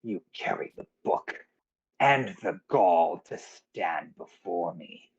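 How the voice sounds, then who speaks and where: A man doing a slow, menacing cult leader. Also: low-pitched, animated, breathy edge, muffled recording, voice pushed down, exaggerated voice. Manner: slow, measured threats. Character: menacing male cult leader, cold and commanding.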